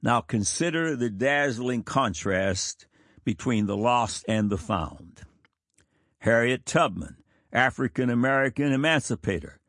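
A man in his fifties, a minister of a small country church, reads his sermon aloud in an earnest, measured way. He sometimes stumbles over a word and corrects himself. His voice sits in a middle register and sounds dry, with no room around it. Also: medium pitch, expressive, fairly bright tone, dry recording.

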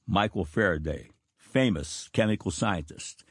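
A man in his fifties, a country church pastor, giving a sermon in a slow, deliberate and solemn manner. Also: low voice, slightly rough, no echo, studio quality. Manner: slow, deliberate, solemn delivery with drawn-out words. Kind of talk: sermon reading of quotations.

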